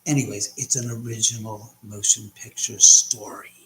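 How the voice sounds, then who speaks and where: A man's voice: lowish voice, fairly even intonation, normal speed, fairly bright tone. A man hosting a casual live stream from home, rambling and blunt with casual swearing. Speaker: livestream host. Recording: echoey room.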